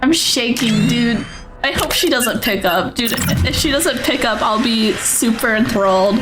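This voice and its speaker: A performer voicing a boastful cartoon guy who brags and then gets jittery, in an animated comedy sketch. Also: medium pitch, unhurried, close to an everyday voice. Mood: nervous. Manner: brash bragging, then nervous babbling. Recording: music bed under the voice.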